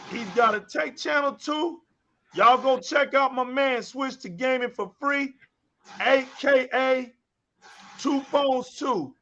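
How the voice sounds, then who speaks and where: A man hosting a casual gaming podcast, hyped and shouting shout-outs to guests. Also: extremely high pitch, highs cut off. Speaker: podcast host.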